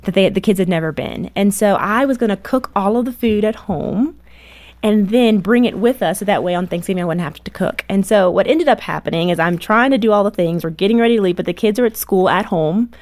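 A woman in her thirties, a guest author on a radio interview, telling family stories with lively acted-out voices. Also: medium pitch, brisk, no echo. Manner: animated storyteller, acts out voices.

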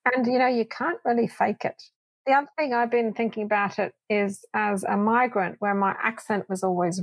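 A woman being interviewed as a doctor and researcher, explaining her ideas in a thoughtful, measured way. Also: medium pitch, gravelly, dry recording, low-quality recording. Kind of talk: reflective interview answers.

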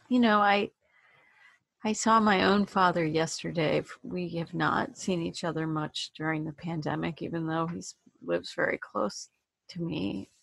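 A woman interviewer with a low, husky, gravelly voice speaks slowly and gently. She is thoughtful and halting, and her voice sounds close and dry, with no room around it. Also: no room sound. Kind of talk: personal interview.

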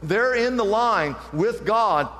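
High-voiced impassioned preacher in a reverberant hall. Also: male voice, lively intonation, slow pace, sharp tone. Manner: impassioned preaching, rising pitch on emphasis. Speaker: pastor. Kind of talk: sermon.

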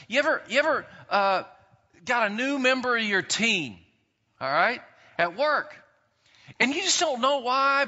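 Pastor guy preaching, acts out little quotes, loud then soft, long hall echo. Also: very high voice. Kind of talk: sermon. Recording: dull sound in a long-reverb hall.

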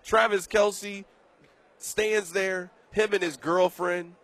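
A man hosting a sports radio show, delivering an animated, emphatic, joking monologue from a studio. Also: high voice, unhurried.

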